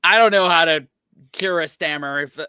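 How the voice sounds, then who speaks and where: Bright, clear American man reacting. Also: fairly high pitch, normal speed, dry recording, studio quality. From United States. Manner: laid-back, jokey. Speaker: reaction video host. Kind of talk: casual reaction chat.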